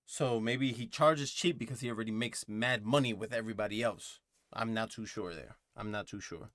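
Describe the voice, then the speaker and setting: A man's voice: fairly low pitch, moderate pace, a bit bright. Rambling man reacting to music. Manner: rambling, thinking aloud with many fillers. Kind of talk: casual reaction commentary.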